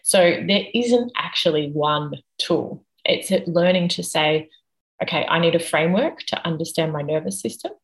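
A woman guest expert speaking in an interview, explaining at a measured, patient pace and working through ideas step by step. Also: deep voice, rough recording. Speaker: guest expert on the nervous system.

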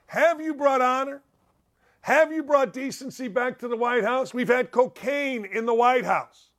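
Combative talk show host, high voice. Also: male voice, fairly bright tone. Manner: combative, sarcastic, rhetorical questions. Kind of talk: opinionated commentary.

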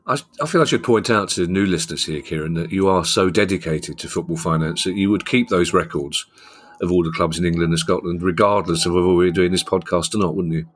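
Husky, very deep-voiced teasing man. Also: a little fast. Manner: teasing, jokey banter. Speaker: podcast host. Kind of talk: casual podcast chat.

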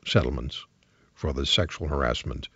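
A man hosting a call-in talk radio show, taking calls and reading listener emails aloud in a brisk, firm manner that pushes back on callers. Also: rumbling low, fairly bright tone, breathy edge, dry recording. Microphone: studio microphone. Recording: dry, slightly dull studio sound.

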